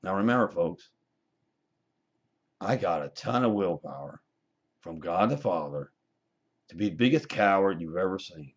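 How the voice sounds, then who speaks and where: A man's voice: low-pitched, lively intonation, moderate pace, pauses often, muffled recording. A man delivering a profane, combative, preachy rant to his webcam. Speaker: vlogger. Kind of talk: ranting webcam monologue.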